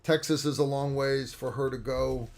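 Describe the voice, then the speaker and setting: A man's voice: mid-range voice, steady tone. A man co-hosting a casual livestream, reading out viewer donations and chatting loosely. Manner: slow, gravelly, swears casually. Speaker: livestream co-host.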